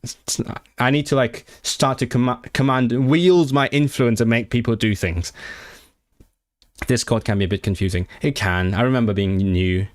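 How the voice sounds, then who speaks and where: A man's voice: mid-range voice, moderate pace, no room sound, studio quality. A young man live-streaming his language study, chatting with viewers and sounding out foreign words with frequent restarts. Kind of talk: casual live-stream chat.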